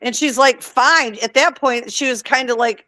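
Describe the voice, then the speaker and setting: A woman's voice: on the high side, normal speed. A woman from Michigan, telling stories in casual chat with lots of laughter. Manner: animated storyteller, laughing often.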